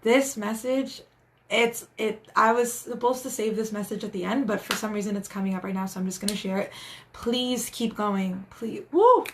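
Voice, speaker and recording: A woman's voice: medium pitch, fairly even intonation, normal speed, background noise. A woman hosting a casual live stream as a spiritual guide, talking in an earnest, encouraging way with many restarts.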